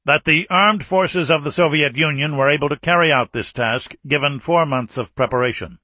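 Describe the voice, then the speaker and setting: A man's voice: a little high, normal speed, bright, forceful tone, no echo, pitched above the performer's own voice. A man reading an audiobook, voicing a stern older Soviet army marshal with a grave, urgent, insistent delivery.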